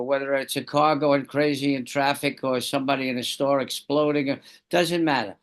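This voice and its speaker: A man calmly sharing a personal practice in a group discussion on a video call, with soft repetition. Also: medium pitch, a little fast. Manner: calm, softly repetitive. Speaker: study group participant. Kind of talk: casual sharing.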